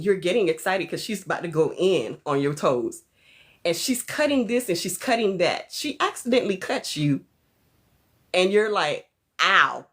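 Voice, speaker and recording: Woman doing a chill livestream chat, lowish voice, giggles a lot, shouts out viewers. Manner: chatty, laughs often, thanks viewers mid-sentence. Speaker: livestream host.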